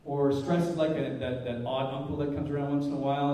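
A man's voice: a little high, steady tone, quick pace, hardly any pauses, warm tone. A middle-aged man giving an informal church talk, telling a personal story in a rambling way, full of fillers and restarts. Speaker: lay speaker at church. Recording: echoey hall, speaker far from mic.

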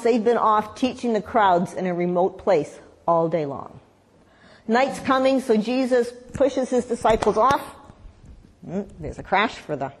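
A woman preaching a sermon, telling a story in a lively way and acting out the voices in it. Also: mid-range voice. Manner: animated storytelling, acts out voices in quotes. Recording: long hall reverb.

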